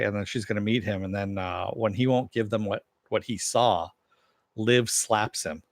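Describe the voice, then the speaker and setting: A man's voice: on the low side, normal speed, no echo, studio quality. A man giving a casual spoken recap and review of a TV episode, in a loose, conversational way, with frequent filler phrases and offhand swearing.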